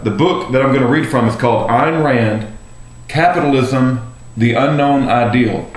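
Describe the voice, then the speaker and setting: Guy ranting preachy and fired up, lots of uhs and ums, reads a long text out loud, roomy echo. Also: mid-range voice. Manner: preachy and fervent, with frequent uh and um fillers. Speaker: political commentator. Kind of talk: ranting monologue and reading aloud.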